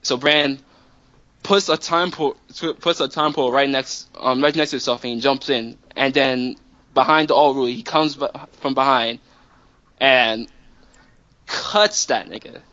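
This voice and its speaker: A man's voice: medium pitch, unhurried, sharp tone. A man casually telling a long story to friends, rambling and profane with many restarts. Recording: dull lo-fi recording.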